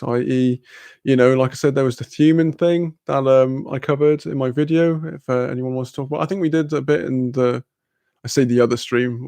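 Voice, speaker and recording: A young man chatting casually on a live stream, laughing often and filling pauses with ums. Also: mid-range voice, darkish tone, dry recording.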